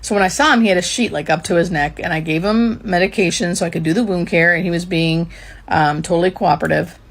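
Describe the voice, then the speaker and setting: A woman's voice: lowish voice, steady tone, quick pace. A woman who works as a hospice nurse, telling a candid storytime in a conversational way. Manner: candid, conversational, teasing asides. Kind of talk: casual storytime.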